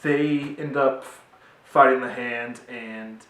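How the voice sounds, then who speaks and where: A man's voice: mid-range voice, fairly even intonation, slow pace, a bit bright. Young man rambling through a show recap. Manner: rambling, lots of fillers like "like" and "uh". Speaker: TV show reviewer. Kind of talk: casual recap and review. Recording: roomy, distant from the mic.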